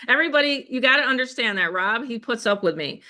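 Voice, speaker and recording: A middle-aged woman with a Western New York accent, hosting a live webinar in an energetic, chatty way and talking straight to her audience. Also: fairly high pitch, moderate pace. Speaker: webinar host. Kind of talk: live sales webinar chat.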